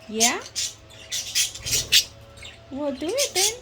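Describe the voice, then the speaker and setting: A woman talking to her pet birds in high, sing-song baby talk, with low murmured asides. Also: very animated, unhurried, long pauses, very noisy. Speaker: pet bird owner.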